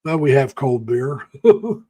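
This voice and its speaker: Older man, live-stream host, rambling folksy storyteller, mid-pitched everyday voice, chatty and unhurried. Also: lively intonation, warm tone. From United States. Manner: rambling, folksy storytelling, greeting viewers by name. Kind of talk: casual live-stream chat.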